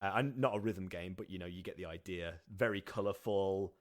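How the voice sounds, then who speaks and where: A British man with a low voice co-hosts a gaming podcast. He rambles and laughs often, keeping the chat casual. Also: a little fast. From Britain. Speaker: podcast co-host.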